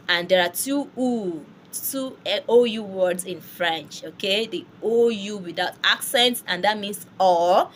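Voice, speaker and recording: A woman's voice: medium pitch, a little slow, slight background noise. A woman teaching French pronunciation online, drilling words and laughing often. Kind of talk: online language lesson.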